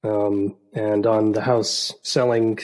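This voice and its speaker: A man's voice: lowish voice, flat delivery, takes it slowly, a little mellow. A man co-hosting a podcast, chatting casually in a rambling way, with many fillers and frequent laughs. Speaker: podcast co-host. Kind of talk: casual chat.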